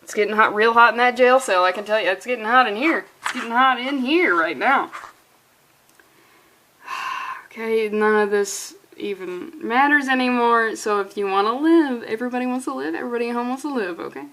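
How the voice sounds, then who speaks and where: A woman's voice: on the high side, fairly quick, pushed and bright, rough recording. A woman reading a comic aloud for laughs, with sarcastic, incredulous running commentary, often laughing through her words. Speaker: comic reviewer. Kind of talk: comedic comic-book reading.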